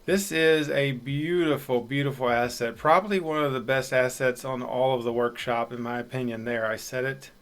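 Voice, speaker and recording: A man's voice: medium pitch, moderate pace, hardly any pauses. A man hosting a city-building let's play, casual commentary with a chatty, self-deprecating way and frequent fillers.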